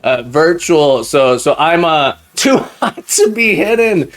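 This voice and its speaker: A man hosting a casual live stream, upbeat and chatty, greeting viewers warmly and repeating his phrases. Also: a little high, big pitch swings, slow. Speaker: live-stream host and teacher. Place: room at home, indoors.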